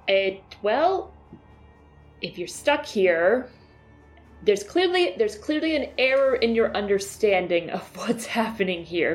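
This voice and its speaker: A woman playing a tabletop game, speaking in character with bold, blunt joking. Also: mid-range voice. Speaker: player. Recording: faint music behind.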